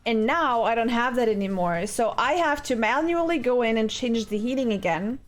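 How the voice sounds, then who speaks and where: Indoors at home, a woman chats casually with viewers on a livestream, rambling and giggling as she thinks aloud through many fillers. Her voice is on the high side and animated, at a moderate pace. Faint music sits behind her.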